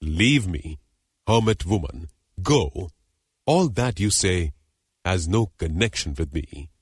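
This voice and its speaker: A man's voice: low voice, animated, slow, husky, no room sound, clean studio sound, full character voice. A man reading a haughty scornful king. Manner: scornful, dismissive, formal. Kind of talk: audiobook reading of a legend.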